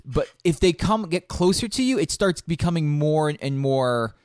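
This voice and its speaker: This podcast co-host is a young man whose voice is on the high side, animated and clean yet darkish, at a moderate pace, recorded in studio quality with no room sound. His casual video game talk rambles, peppered with ums and restarts.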